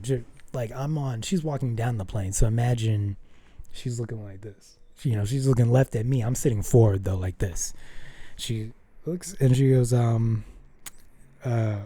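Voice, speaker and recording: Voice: medium pitch, dark tone. A vlogger telling a rambling personal story to the camera, full of fillers and restarts, often acting out what people said. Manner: rambling, filler-heavy, acts out quoted dialogue.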